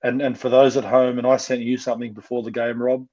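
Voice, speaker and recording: An Australian man talks on a casual fan podcast, his husky voice full of passion as he gets worked up. The recording sounds dull and lo-fi. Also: medium pitch, flat delivery, fast talker, warm tone. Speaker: podcast co-host, fan guest.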